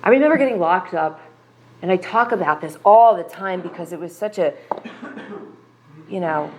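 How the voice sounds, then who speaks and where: A woman's voice: lowish voice, animated, moderate pace, darkish tone, slight background noise. Earnest woman giving confessional testimony. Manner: earnest, confessional, emphatic with frequent "like" and "right". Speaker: recovery meeting speaker. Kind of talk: personal testimony at a recovery meeting.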